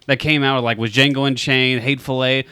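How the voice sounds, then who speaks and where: A man's voice: mid-range voice, little pitch movement, brisk, pushed and bright, smooth, dry recording. A young man co-hosting a podcast, chatting casually and enthusiastically about films, with many "like"s. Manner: enthusiastic, fills speech with "like". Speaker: podcast co-host. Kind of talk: casual movie chat.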